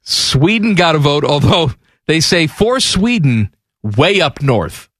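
A man co-hosting a sports chat, reading out results in a quick deadpan list. His pitch moves a lot and his voice sits mid-range. The recording is dry and close. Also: slightly rough, dry recording. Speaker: co-host.

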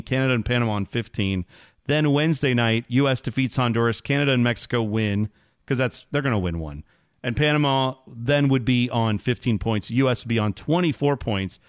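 A man co-hosting a sports podcast, chatting casually and getting animated when exasperated. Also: medium pitch, dry recording, clean studio sound. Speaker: podcast co-host.

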